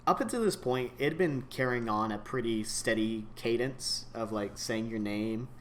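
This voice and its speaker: A man narrating a tabletop game as game master, in a laid-back, halting way with lots of ums. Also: mid-range voice, slight background noise.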